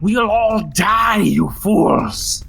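A man voicing a furious ancient alien ship captain who shouts and howls in rage. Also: high voice, sing-song, slow, creaky, pitched above the performer's own voice, exaggerated voice.

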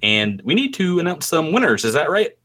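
A man hosting a tabletop game podcast as game master, playful and quick to laugh. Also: a little high. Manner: playful, laughs often, animated intros.

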